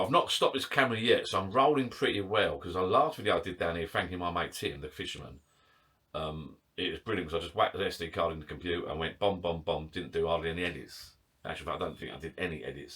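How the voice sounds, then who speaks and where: Husky, breathless man rambling. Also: sits low, pushed and bright. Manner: chatty, self-mocking, swears casually. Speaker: vlogger. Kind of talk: casual rambling chat to camera. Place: garden shed bar.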